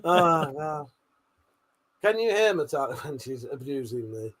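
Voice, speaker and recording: A man's voice: fairly high pitch, very animated, a little slow, fairly bright tone. A man hosting a live stream, laughing and swearing as he reads out viewer comments. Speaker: livestream host. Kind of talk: casual live-stream chat.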